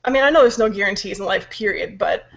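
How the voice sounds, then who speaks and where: A woman's voice: medium pitch, fast. A young woman with a sore throat, venting in casual chat; tired and frustrated, she swears when she gets angry. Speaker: podcast co-host venting. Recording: dull lo-fi recording.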